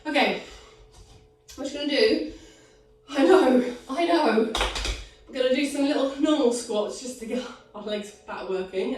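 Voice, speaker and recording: Winded pilates teacher on a video call, counting and cueing from across a very echoey room. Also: female voice, a little high, a little hiss or hum. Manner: counts reps aloud, upbeat encouraging cues. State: out of breath. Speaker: pilates instructor. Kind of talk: live online fitness class cueing. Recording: echoey room, distant from mic.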